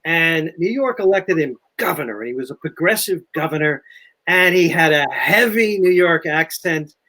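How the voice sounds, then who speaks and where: An older man chatting as a historian guest, telling history stories in a lively, animated way. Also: a little high, normal speed. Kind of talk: casual history chat.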